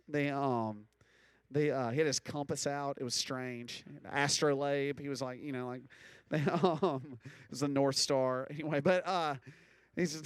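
A man's voice: medium pitch, fairly even intonation, moderate pace, clean tone, no room sound. A man in his thirties giving a casual, joking talk to a room of students, full of likes and ums. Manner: conversational, joking, lots of "like" and "um". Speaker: speaker addressing students. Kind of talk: casual talk to a live audience.

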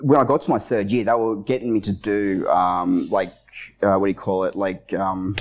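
A man's voice: fairly low pitch, steady tone, moderate pace, low-quality recording. A man co-hosting a podcast in a studio, telling a rambling story with lots of swearing. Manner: rambling, swears often, acts out quotes. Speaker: podcast co-host. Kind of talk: casual storytelling chat.

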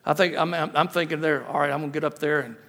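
A man's voice: fairly high pitch, steady tone, fast talker, a bit bright. A man preaching a sermon as a guest pastor, folksy and often restarting his words. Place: church. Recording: long reverb of a church hall.

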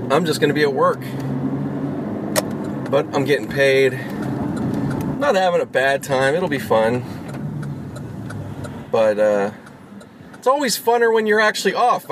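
A man vlogging from his car in traffic, rambling, irritated and swearing a lot as he talks to viewers. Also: fairly high pitch. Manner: rambling, profane, with lots of restarts. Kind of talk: casual rambling monologue to viewers. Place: inside a car, driving in traffic. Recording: road and traffic noise.

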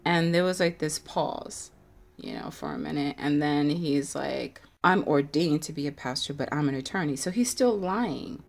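A woman with a notably low voice tells a personal story in easy, conversational storytelling. She talks animatedly and fills her speech with casual asides and fillers. Soft music plays faintly underneath. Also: animated, normal speed, vocal fry.

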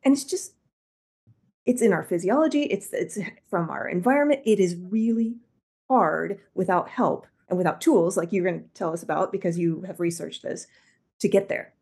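A woman's voice: on the low side, normal speed, darkish tone, husky. A woman hosting an interview, asking curious questions and adding emphatic comments. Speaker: podcast host. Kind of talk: interview conversation.

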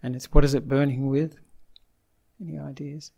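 A man's voice: mid-range voice, level tone, moderate pace, creaky, warm tone. A man, a Buddhist monk, giving an informal Dhamma talk, chatting with the audience, asking them questions and chuckling often. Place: Melbourne.

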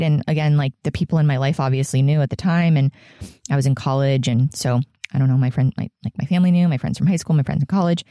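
Tearful woman podcaster, candid and halting. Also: low voice, dark tone, no echo, clean studio sound. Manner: halting, emotional, frequent fillers and laughs. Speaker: podcast host. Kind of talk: candid solo podcast confession.

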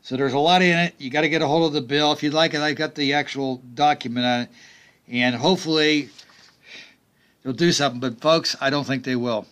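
A man's voice: on the high side, fairly even intonation, brisk, fairly bright tone, smooth. A middle-aged man hosting a political talk radio show, delivering emphatic commentary with sarcastic, mocking asides.

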